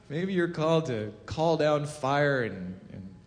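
A man giving a casual sermon, telling a scripture story with lively acted-out quotes and frequent self-corrections. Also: a little hiss or hum. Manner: animated storytelling, acts out quotes with rising pitch and volume; self-corrects, chuckles at own jokes. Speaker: preacher. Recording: long hall reverb.

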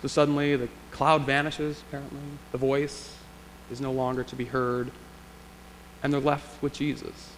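In a church sanctuary, a male pastor preaches a sermon in a reflective, conversational way, posing rhetorical questions. His voice sits at a medium pitch with a level tone and a moderate pace. The recording carries a long church reverb and a faint hum.

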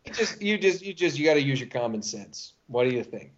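Middle-aged man as an interview guest, lively storyteller, mid-pitched, dull call audio. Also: fairly quick. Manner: animated storyteller with many restarts. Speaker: voice actor guest. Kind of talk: interview chat.

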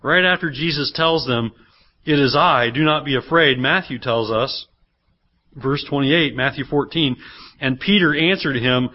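A man's voice: medium pitch, measured pace. A man preaching a sermon as pastor, switching between teaching and acting out the people in the reading. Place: church. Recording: dull lo-fi sermon recording.

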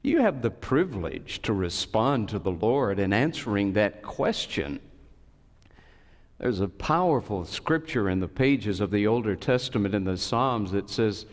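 A man preaching a sermon as a pastor, telling a story with expressive swings and sudden high cries. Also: a little slow. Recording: long reverb of a large hall.

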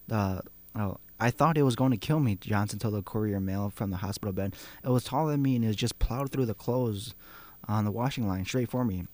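A man's voice: lowish voice, darkish tone, no echo. A man hosting a casual news show, reading stories aloud with fillers and restarts.

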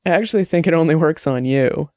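Earnest, awkward male investigator in an audiobook, spoken in a mellow, slightly high voice, as the narrator reads him. The delivery is plain and close-miked in a dry room. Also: fast talker, no echo, natural voice.

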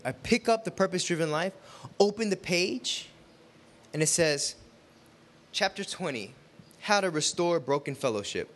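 Animated storytelling preacher, high-voiced man. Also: normal speed, pauses often. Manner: animated, conversational, acts out quotes. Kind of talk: sermon with storytelling.

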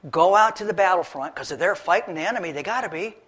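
A man's voice: high-pitched, fast talker. A man doing a worried old father. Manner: gentle, concerned. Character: worried older father of soldiers.

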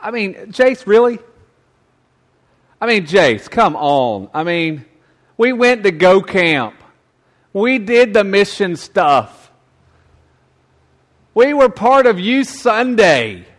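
A man's voice: extremely high pitch, expressive, slow pace, pauses often, a bit bright, pitched above the performer's own voice, exaggerated voice. A man putting on the voice of a self-righteous young churchgoer, whiny and defensive. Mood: indignant.

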